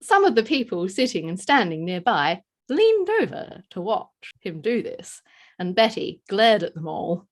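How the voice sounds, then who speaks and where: A woman reads a story in a storyteller's voice. Her pitch rises and falls in a lively way, and she gives quoted lines small shifts of voice. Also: a little slow. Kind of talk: scripted narration.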